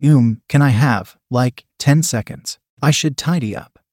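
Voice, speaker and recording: A man's voice: mid-range voice, a little slow, a little mellow, no room sound, clean studio sound, close to an everyday voice. A man voicing a nervous young man caught off guard, hesitant and stumbling over fillers. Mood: flustered.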